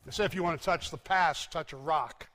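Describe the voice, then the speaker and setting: A man preaching a sermon, telling stories emphatically and dropping to hushed, low endings. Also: fairly quick. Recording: long hall reverb.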